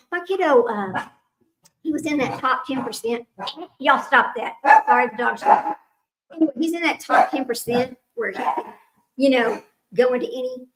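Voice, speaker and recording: This is a middle-aged woman hosting a casual livestream trivia game. Her voice sits high, and she rambles from one aside to the next. She laughs often and talks to her audience as old friends. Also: poor audio.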